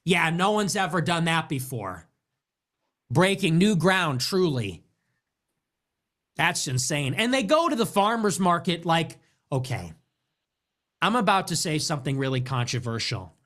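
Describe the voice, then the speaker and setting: A man with a high voice delivers a comedic rant, swooping up and down as he grows exasperated. His delivery is sarcastic and full of profanity. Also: sing-song, unhurried, long pauses, fairly bright tone. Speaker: podcast host. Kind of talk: comedic ranting monologue.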